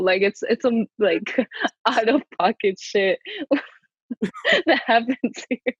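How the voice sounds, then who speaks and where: A woman's voice: a little high, slow pace, pauses often, husky, no room sound, lo-fi sound. A woman co-hosting a podcast, rambling casually with lots of fillers and laughter. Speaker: podcast co-host. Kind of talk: casual chat.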